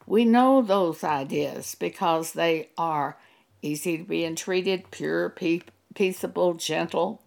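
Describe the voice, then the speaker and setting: Woman preacher, gravelly, slow measured sermon, lowish voice. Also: darkish tone. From Texas.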